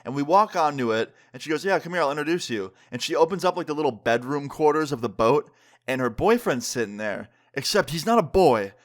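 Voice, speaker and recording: A man's voice: on the high side, expressive. A young man, a YouTuber, telling a casual storytime with slang and lots of "like". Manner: slangy, fast, full of "like".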